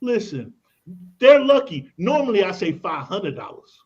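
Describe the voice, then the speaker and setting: Radio guest: emphatic man, fairly high voice, slightly dull radio sound, talks like he's telling stories. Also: sing-song, a little slow, a little mellow. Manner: emphatic, tells anecdotes, repeats "look at this". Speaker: credit expert guest. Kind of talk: radio interview, lively explaining.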